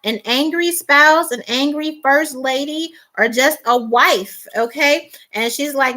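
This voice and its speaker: A woman's voice: sits high, a little slow, hardly any pauses, bright, forceful tone. A woman giving a tarot reading, emphatic and repeating "okay?" and "all right?", acting out the people she quotes. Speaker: tarot reader.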